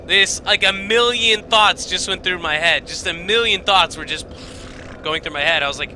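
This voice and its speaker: A man's voice: high voice, normal speed, bright, forceful tone, slight background noise, poor audio. A young man streaming from his home basement, telling a story casually, rambling and swearing with lots of fillers and restarts.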